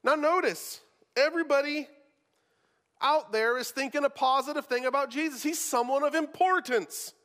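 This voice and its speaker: A man's voice: very high voice, normal speed, fairly bright tone, in a large hall. A male pastor preaching a sermon, talking casually and often repeating words as he starts a thought.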